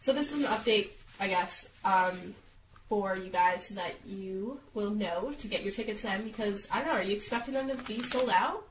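A young woman co-hosting a casual chat show, sick and talking in a flat monotone with lots of fillers. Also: medium pitch, moderate pace, a little hiss or hum. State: sick, congested. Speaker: podcast co-host. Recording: dull, roomy lo-fi recording.

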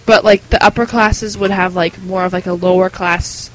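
A woman's voice: lowish voice, steady tone, normal speed, slight background noise, rough recording. A woman in a casual group chat, hesitant and searching for words.

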